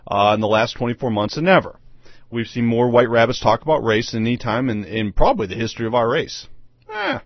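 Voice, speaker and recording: A man talking alone on a talk show, swinging his pitch up and down as he presses each point. He repeats rhetorical questions with emphasis. The sound is dull and lo-fi, with a dry, close feel. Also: no room sound. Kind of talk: solo opinion monologue.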